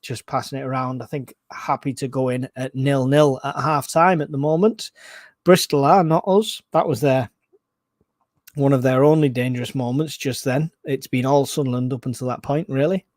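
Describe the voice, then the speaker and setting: A man giving excitable, casual live fan commentary on a football match, groaning and swearing at the play. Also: mid-range voice, moderate pace, dry recording, studio quality.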